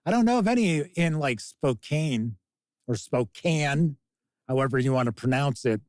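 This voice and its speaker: A man's voice: mid-range voice, very animated, quick pace, darkish tone, no room sound. A man in his fifties, hosting a casual live-stream chat, rambling and reading out viewer comments. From American. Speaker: podcast host reading chat.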